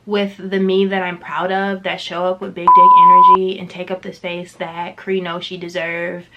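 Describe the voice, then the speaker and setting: A woman's voice: mid-range voice, pushed and bright, low-quality recording. A young woman reviewing a book in a casual vlog, candid and emphatic, swearing freely.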